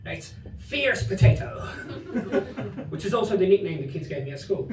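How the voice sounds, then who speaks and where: A man's voice: high-pitched, animated, normal speed, far from the mic, crowd noise. A man in his thirties with an Irish accent and a Spanish lilt, doing a stand-up routine on a club stage with cheeky, self-mocking punchlines and free swearing. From Ireland, raised in Spain. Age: 30s. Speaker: stand-up comedian. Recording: echoey club, mic heard from afar, noisy.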